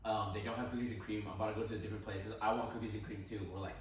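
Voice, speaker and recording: A young man in casual podcast chat, telling stories in an animated way, swearing and laughing. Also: on the low side, very fast, very echoey, recorded from a distance, slight background noise, rough recording. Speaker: podcast co-host.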